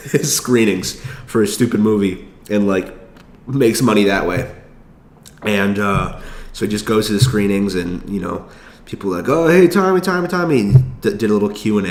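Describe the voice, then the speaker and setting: Young man rambling in an echoey room. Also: fairly low pitch. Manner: rambling, profane, quick asides and restarts. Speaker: vlogger. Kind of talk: casual storytelling monologue.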